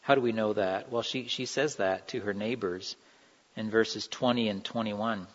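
A man's voice: lowish voice, steady tone, moderate pace, slightly rough. A man giving an earnest, conversational sermon. He acts out the quoted lines with feeling. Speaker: preacher. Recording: dull sound in a reverberant hall.

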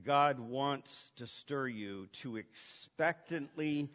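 A man preaching a sermon, shifting between hushed, intimate lines and loud, emphatic ones. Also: medium pitch, slow, few pauses. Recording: dull sound with long hall reverb.

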